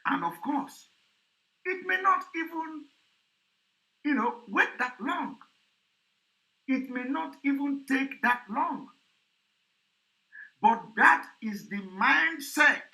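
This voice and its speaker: Male commentator, high and tense, mocking and repetitive. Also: bright, forceful tone, rough recording. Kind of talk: commentary vlog.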